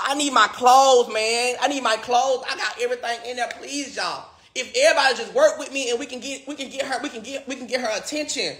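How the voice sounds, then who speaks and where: A man with a high, bright, edgy voice rants and begs his viewers to share his video. He swears freely and circles back to the same pleas again and again. The room around him rings with echo. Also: fairly quick, few pauses. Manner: pleading, repetitive, swearing. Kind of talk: livestream rant. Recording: echoey room.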